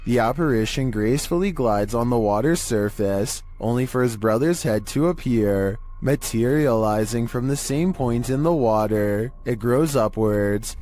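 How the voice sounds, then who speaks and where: A man narrating creepy internet videos in a steady, monotone scripted delivery. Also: mid-range voice.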